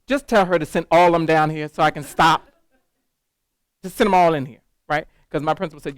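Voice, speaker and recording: A man leading a teacher training workshop, lively and animated, quizzing the room with questions as he goes. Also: a little high, quick pace, no room sound. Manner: animated, talks to the room with call-and-response questions. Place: classroom.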